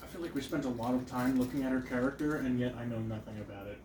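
A man's voice: medium pitch, fast, darkish tone, far from the mic. Man, wry casual movie chat, roomy echo, off-mic, faint hiss. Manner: wry, steers the conversation. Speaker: podcast co-host.

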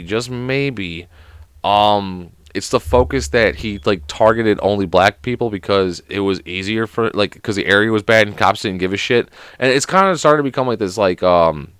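A man's voice: fairly low pitch, fairly bright tone, clean tone, no echo. Rambling, profane man hosting a podcast. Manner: profane, rambling, heavy on "like" fillers. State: sick. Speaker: podcast host. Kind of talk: casual solo podcast rant.

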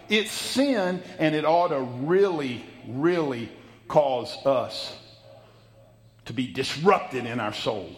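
Folksy preacher, fairly high voice. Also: male voice. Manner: folksy, storytelling, acts out voices, swings loud and soft. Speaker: pastor. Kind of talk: sermon. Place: church sanctuary.

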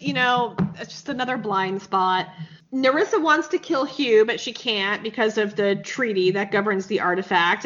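A woman's voice: a little high, fairly bright tone. A woman co-hosting a casual podcast, recapping a TV episode in a frank, sarcastic way and swearing freely. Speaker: podcast co-host. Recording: slightly dull, lo-fi podcast audio.

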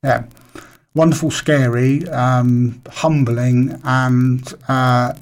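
A man's voice: medium pitch, steady tone, drawn-out words. A middle-aged man from Britain, a radio show guest, talking casually with many fillers and restarts.

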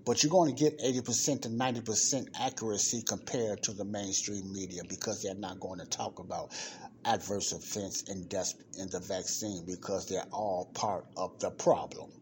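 A man's voice: low voice, fairly even intonation, moderate pace, darkish tone, slight background noise. A man hosting a podcast, reading an article aloud in casual commentary and repeating the numbers for emphasis. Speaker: podcast host.

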